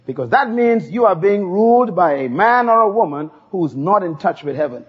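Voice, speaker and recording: A man's voice: high voice, expressive, moderate pace, slightly rough. A man preaching a sermon, emphatic and repeating key phrases for the congregation to say back. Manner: emphatic call-and-response preaching. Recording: dull lo-fi sermon tape.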